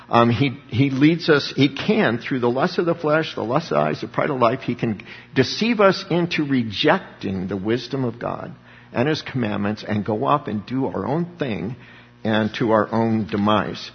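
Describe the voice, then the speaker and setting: Male pastor, husky, conversational sermon with voiced quotes, dull lo-fi hall recording. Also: mid-range voice. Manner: conversational preaching, acting out quoted speakers. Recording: dull lo-fi sound with long hall reverb.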